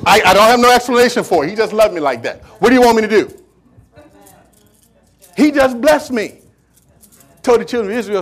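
A man delivering a sermon in an unusually high voice for a man. He talks to the congregation conversationally, with streetwise turns of phrase. He stacks repeated words and phrases for emphasis. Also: very animated, normal speed, vocal fry, pauses often, slightly rough. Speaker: preacher.

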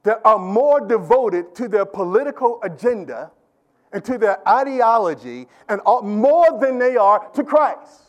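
A man with a strikingly high-pitched voice delivers a sermon from the pulpit of a church. He starts out conversational, then builds into emphatic, repetitive preaching, pressing his congregation with questions. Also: lively intonation, measured pace, muffled recording. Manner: rising into emphatic preaching with repeated calls to the congregation. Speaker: pastor.

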